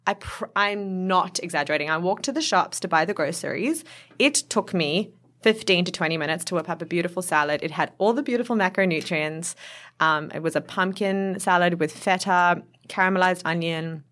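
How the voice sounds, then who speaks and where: A woman nutritionist talks as a guest in a relaxed chat. She has a somewhat low voice, speaks in quick, chatty bursts and laughs often. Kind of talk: casual chat.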